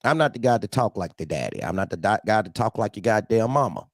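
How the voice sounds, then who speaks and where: A man hosting a casual talk show about trucking, blunt and animated, talking in street slang and often laughing. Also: fairly low pitch, fast talker, dry recording, studio quality.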